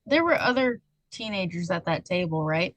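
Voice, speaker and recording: A woman's voice: on the low side, animated, moderate pace, fairly bright tone, no room sound, poor audio. A woman playing a tabletop game online, carefully checking details with the game master. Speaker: player. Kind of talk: asking the game master questions.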